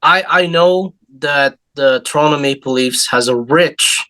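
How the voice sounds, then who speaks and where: A man's voice: fairly high pitch, unhurried, bright, forceful tone, no room sound. A man co-hosting a sports talk show, talking hesitantly and restarting and repeating his words.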